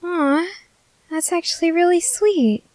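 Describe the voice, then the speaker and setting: A woman's voice: very high-pitched, slow pace, a little mellow, dry recording. A woman voicing a food-obsessed teenage soldier girl in an ASMR audio drama, whiny and melodramatic. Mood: chatty. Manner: whiny, melodramatic, easily sidetracked.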